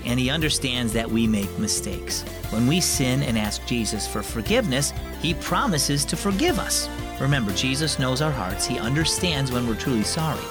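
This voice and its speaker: A man hosting a children's devotional, reading a story and answering a child's question in an earnest, friendly way. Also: medium pitch. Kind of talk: scripted narration.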